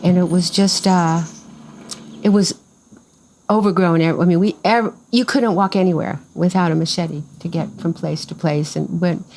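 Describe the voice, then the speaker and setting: This older woman, cofounder of a farm, has a fairly low-pitched voice with vocal fry, captured in poor audio with slight background noise. In a casual interview she shares a story, animatedly imitating the voices of those she quotes.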